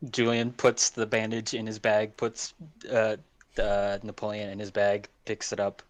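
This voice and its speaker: A woman with an extremely deep voice, playing her character at a tabletop game. Her replies come out dry and deadpan. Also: takes it slowly. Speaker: player.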